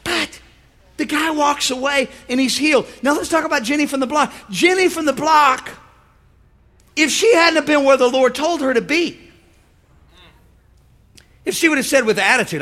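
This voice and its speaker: A man preaching a lively sermon, calling for amens and acting out the voices of the people in his stories. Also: very high voice, normal speed, long pauses. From United States. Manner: lively preaching, calls for amen, acts out voices. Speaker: pastor.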